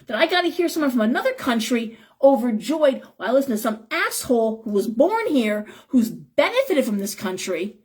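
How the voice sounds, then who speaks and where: A woman's voice: on the high side, big pitch swings, fairly quick, hardly any pauses, darkish tone, husky. Impassioned woman tarot reader. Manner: impassioned, emphatic, rambling. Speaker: tarot reader and shop owner. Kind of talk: live-stream tarot talk.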